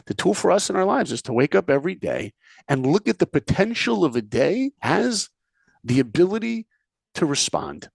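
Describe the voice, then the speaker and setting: A man on a podcast, telling stories in an animated way, acting out characters' lines and quizzing the host. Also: sits high, moderate pace, creaky, no room sound. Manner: animated, acts out characters' lines, asks the listener questions. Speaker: podcast guest, speaker and filmmaker. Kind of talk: animated storytelling in conversation.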